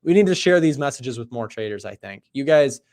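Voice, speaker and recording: A man hosting a live trading stream, talking casually through charts, animated and emphatic, often checking in with "right?". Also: medium pitch, fairly quick. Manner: conversational, asks "right?" often; animated, emphatic, loud bursts. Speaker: trading livestream host. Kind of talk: live market commentary.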